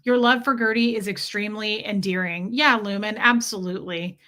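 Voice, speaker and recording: Bright, chatty woman livestream host. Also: mid-range voice, fairly quick. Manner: chatty and animated, replies to viewers by name. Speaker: livestream host reading chat. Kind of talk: casual livestream chat.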